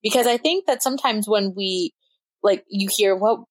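A woman's voice: medium pitch, normal speed, no room sound. A woman hosting a podcast interview, chatty and casual, leaning on "like" as she thinks aloud. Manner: chatty, filler-heavy with frequent "like", laughing easily. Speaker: podcast host.

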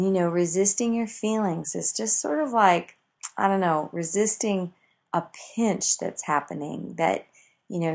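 A woman with a lowish, gravelly voice with a touch of vocal fry gives a motivational self-help talk. She is expressive and brings her points to life by acting out everyday scenes.

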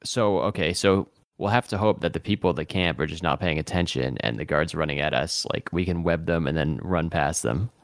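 A man's voice: low-pitched, brisk, few pauses, dry recording, studio quality. A man playing as a guest in a tabletop game, methodically talking through plans step by step. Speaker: guest player.

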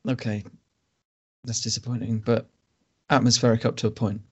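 An easygoing man hosts a casual games podcast and works through his opinions out loud. His voice sits at a middle pitch. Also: flat delivery, normal speed, slightly rough. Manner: easygoing, thinks aloud. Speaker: podcast host. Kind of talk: casual chat.

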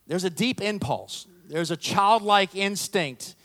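A man's voice: sits high, takes it slowly. A middle-aged male pastor preaching a sermon, telling stories with humor and acting out the voices of the people in them. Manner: storytelling, animated, acts out quoted voices, self-deprecating humor.

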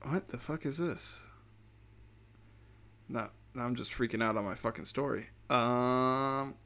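A man rants through a casual comedy monologue at an ordinary middle pitch. He swears constantly and drifts from one complaint to another. His humor is dark and sarcastic. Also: steady tone, unhurried, vocal fry. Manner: profane, rambling, darkly sarcastic.

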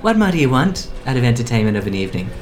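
Brief: eccentric, wheedling schemer, played by a performer, middle pitch. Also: very animated, rapid-fire, music in the background, lightly acted. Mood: scheming. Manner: rambling, wheedling, grandiose. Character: eccentric scheming party planner, grandiose. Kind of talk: improvised comedy audio play.

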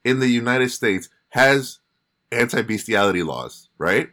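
A man's voice: medium pitch, lively intonation, unhurried, a bit bright. A man in casual podcast chat with friends, laughing often and telling stories animatedly.

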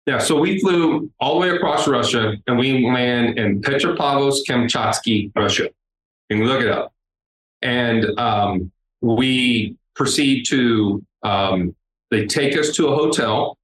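A man, a guest on an interview, telling a travel story in a casual, animated way. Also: mid-range voice, unhurried. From United States. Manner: animated, acts out the people in his story. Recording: roomy with faint background noise.

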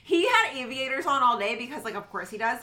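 A woman co-hosting a podcast in casual chat, telling animated stories and acting out quotes. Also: high-pitched, fast talker. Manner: animated storyteller, acts out quotes with laughs. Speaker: podcast co-host.

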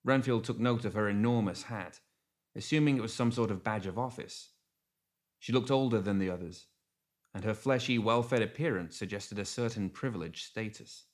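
Male audiobook narrator, low register, measured storytelling. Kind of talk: scripted narration.

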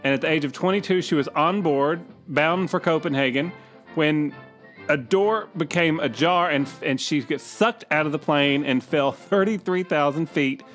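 A man co-hosting a comedy show, telling strange true stories in an animated way. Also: on the high side, normal speed, soft background music. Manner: animated storyteller. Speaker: comedy podcast co-host.

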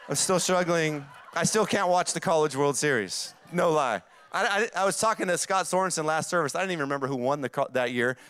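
A man's voice: on the high side, fairly bright tone, smooth. A man in his forties with a Southern accent, preaching a sermon with emphatic, repeated phrases that build up. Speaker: pastor.

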